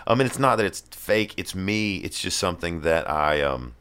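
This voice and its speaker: A man's voice: low-pitched, lively intonation, moderate pace, fairly bright tone, clear, resonant tone. A man in his forties with a Southern US accent, a comedian chatting casually and thoughtfully, with restarts and asides. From American South. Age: 40s. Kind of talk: casual conversation.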